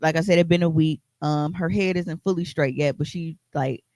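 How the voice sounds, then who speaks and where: A man's voice: a little high, steady tone, normal speed, darkish tone, dry recording. A man co-hosting a podcast, telling a story in a loose, casual way, with lots of fillers and swearing. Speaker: podcast co-host.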